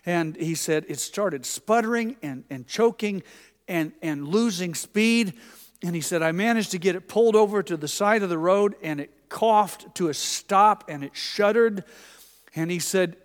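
Man, pastor, folksy storytelling sermon, slightly high voice, long church reverb. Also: measured pace. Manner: folksy, anecdotal, acts out quoted voices.

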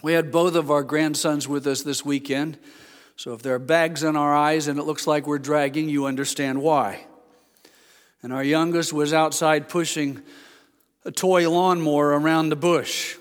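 A man's voice: fairly high pitch, level tone, moderate pace. Older male pastor preaching in a reverberant hall. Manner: builds to loud emphatic peaks on repeated promises, drops to a quiet storytelling tone. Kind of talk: sermon.

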